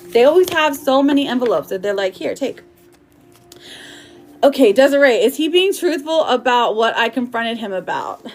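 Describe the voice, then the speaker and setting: A woman giving a live-streamed tarot reading, chatty and affectionate, often giggling as she reads viewer comments aloud. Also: a little high. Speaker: tarot reader.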